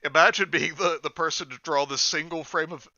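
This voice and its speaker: A man's voice: on the high side, fairly even intonation, brisk, pushed and bright, no room sound, dull audio. A man co-hosting a casual podcast, riffing and joking. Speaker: podcast co-host.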